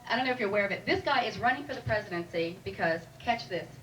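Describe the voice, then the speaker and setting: A woman's voice: mid-range voice, expressive, rapid-fire, fairly bright tone. Wry woman doing stand-up, distant mic. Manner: wry, chatty, teasing the audience. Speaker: stand-up comedian. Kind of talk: stand-up comedy set. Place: comedy club stage. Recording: live room recording from a distant mic with audible noise.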